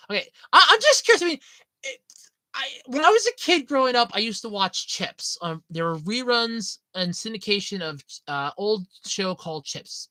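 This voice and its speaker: A young woman with a fairly low-pitched voice talks casually to viewers in a dry recording. She tells stories in an animated, giggly way and often bursts out laughing.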